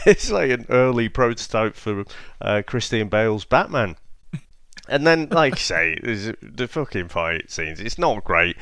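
A man co-hosting a podcast, retelling film scenes casually as an animated storyteller who laughs at his own jokes. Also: lowish voice, clean tone, no echo, studio quality. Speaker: podcast co-host. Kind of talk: casual film review chat.

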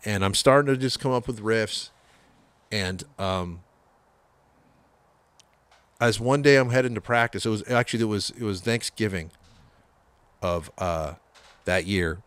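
Low-voiced, profane metal guitarist storyteller. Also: male voice, unhurried, pauses often, smooth, dry recording. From San Francisco Bay Area. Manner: profane, animated storyteller, acts out quoted voices. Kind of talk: casual storytelling interview.

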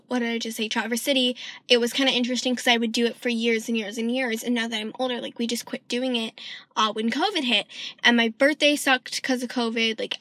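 A young woman from Michigan talks through a rambling, casual vlog, full of ums and restarts, and every so often her words take on a British-sounding lilt. Her voice sits a little high and sounds bright and sharp. The recording is close and dry, with almost no room sound. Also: no room sound. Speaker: vlogger.

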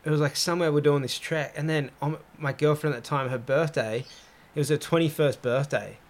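A young man hosting a podcast, telling stories in casual chat, full of "like" and acted-out quotes. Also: a little fast. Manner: animated storyteller, heavy use of "like", acts out quotes with rising pitch. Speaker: podcast host.

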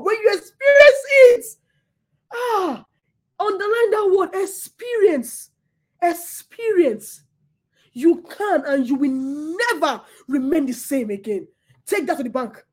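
A woman preaching a sermon with passion, who repeats her words and swings between laughter and near tears. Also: high voice.

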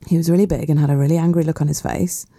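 A woman's voice: low voice, steady tone, racing, warm tone, no room sound. A Welsh woman voicing a male Irish king who recounts a strange tale in a matter-of-fact way, in a podcast studio. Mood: recounting.

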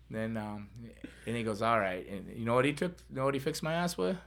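Middle-aged male podcast host, gravelly and bright, casual storyteller who laughs and acts out other voices. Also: medium pitch, expressive, fast.

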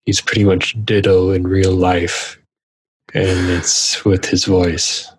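A young man co-hosting a podcast, talking slowly and halting with a deadpan delivery. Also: sits low, breathy edge, rough recording. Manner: slow and halting, many fillers, deadpan. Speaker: podcast co-host. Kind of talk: crude casual banter.

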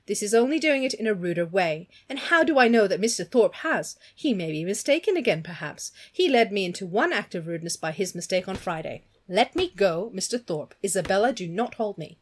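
An earnest, principled young lady from a storybook, as a woman reader voices her. She speaks firmly, with a lively rise and fall. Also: medium pitch, fairly quick, hardly any pauses, close to an everyday voice. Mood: determined. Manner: earnest, firm.

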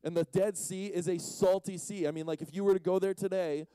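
Playful dark-voiced youth preacher. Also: male voice, high-pitched, steady tone, a little fast, clear, resonant tone, no echo. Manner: playful, teases the audience. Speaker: youth conference speaker. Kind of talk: casual joking sermon.

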